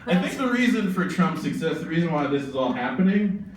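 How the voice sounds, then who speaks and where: A man's voice: fairly high pitch, big pitch swings, brisk, a little hiss or hum. A man in his twenties from suburban Massachusetts doing a profane, sardonic, rambling stand-up set. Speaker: stand-up comedian. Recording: very echoey room, distant mic, faint ambience.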